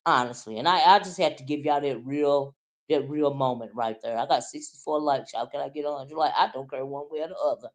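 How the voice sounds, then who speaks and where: A woman hosting a casual livestream, teasing loudly and swinging from low mutters to shouts. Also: a little fast. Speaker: livestream commentary host.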